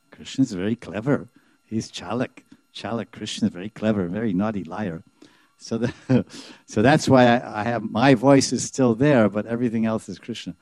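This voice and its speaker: Male devotional storyteller, animated and chuckling, acts out the scenes; dry, close sound. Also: lowish voice, moderate pace, no room sound. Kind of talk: sermon storytelling.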